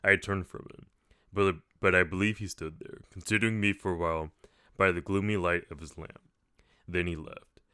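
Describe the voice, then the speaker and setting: A man reading a novel aloud in plain, steady first-person narration. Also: sits low, normal speed, smooth, no echo, clean studio sound. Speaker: audiobook reader.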